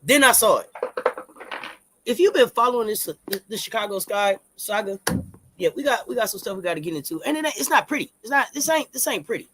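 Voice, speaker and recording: A man co-hosting a live-stream sports talk show, hyped and repetitive, shouting out the chat and stumbling through restarts. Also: sits high, expressive, brisk, slight background noise.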